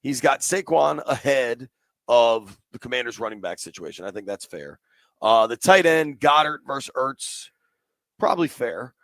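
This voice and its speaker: A man's voice: medium pitch, expressive, normal speed, a bit bright, no room sound. A man from Washington, D.C., hosting a sports radio livestream in a casual, rambling way with plenty of fillers. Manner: easygoing, rambling with fillers and restarts.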